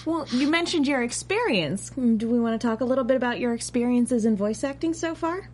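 Woman host with a high voice, asking friendly questions. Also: animated, brisk, darkish tone, a little hiss or hum. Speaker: show host. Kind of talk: casual interview.

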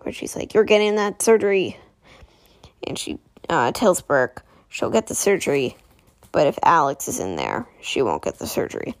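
A woman's voice: a bass voice, huge pitch swings, moderate pace, vocal fry, no room sound. A woman casually recapping a TV episode, rambling with lots of "um, anyway" and correcting herself as she goes.

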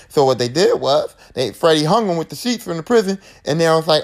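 A man hosting a podcast, recapping a film in a casual, animated, profane storytelling manner. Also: a little high, fast, few pauses. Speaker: podcast host.

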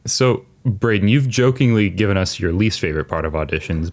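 A man's voice: low voice, expressive, a little fast. A man hosting a casual podcast chat, upbeat and joking as he leads the questions. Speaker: podcast host.

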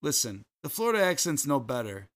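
A man's voice: medium pitch, big pitch swings, a little fast, a bit bright. A man with a Chicago accent co-hosting a podcast, telling rambling stories full of fillers and restarts. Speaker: podcast co-host. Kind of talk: casual chat.

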